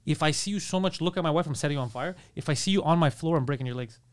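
A man with a higher-than-usual voice rattles off a story at a quick clip on a podcast. He swears freely and throws himself into the lines of everyone in the story. It is a casual studio chat. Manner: fast, swearing, acts out quotes loudly. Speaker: podcast co-host.

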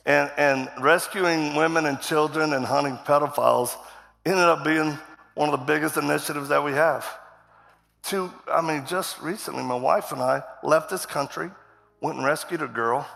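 A man's voice: a little high, normal speed, vocal fry, a bit bright, big-room sound. A man preaching a testimony sermon in a church, telling his story vividly and acting out the quotes. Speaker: guest preacher. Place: church auditorium.

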